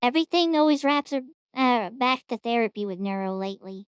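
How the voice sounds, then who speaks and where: A woman's voice: on the high side, expressive, a little fast, smooth, soft background music. A woman hosting a reaction stream, commenting in a chatty, rambling, amused way.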